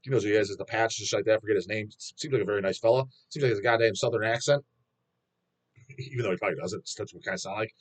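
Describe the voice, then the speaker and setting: A man's voice: lowish voice, rapid-fire. A man hosting a metal channel, ranting bluntly in a rambling, profanity-heavy vlog monologue.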